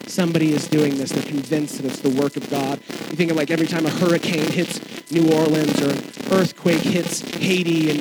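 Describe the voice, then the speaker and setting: A man pastor preaching a sermon to a congregation in a conversational, animated way, with asides and jokes. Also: on the high side, heavy background noise. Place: church sanctuary with congregation.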